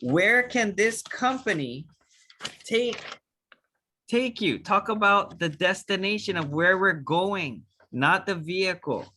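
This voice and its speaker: A man giving an energetic, animated training talk on a video call, acting out short dialogues with big jumps in pitch. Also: slow pace. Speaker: network marketing trainer.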